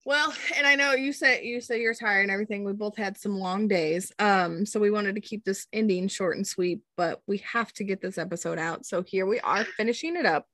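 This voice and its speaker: Young woman podcast cohost, bright voice, dry close sound, lots of ums. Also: mid-range voice, a little fast, hardly any pauses, no room sound. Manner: chatty, many "um"s, animated storytelling. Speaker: podcast co-host. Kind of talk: casual chat.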